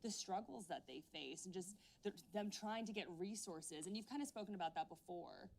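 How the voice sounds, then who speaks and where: A woman's voice: medium pitch, expressive, brisk, vocal fry, darkish tone. A woman hosting a games livestream, chatting with a panel in a bubbly, playful way. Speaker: show host. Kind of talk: casual panel chat on a livestream.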